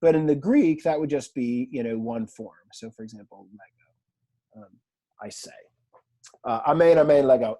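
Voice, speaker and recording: A man teaching a language class in a relaxed lecture style, chatty and self-deprecating, often quizzing his students. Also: mid-range voice, normal speed, pauses often. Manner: conversational, self-deprecating, asks the class questions. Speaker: Greek teacher.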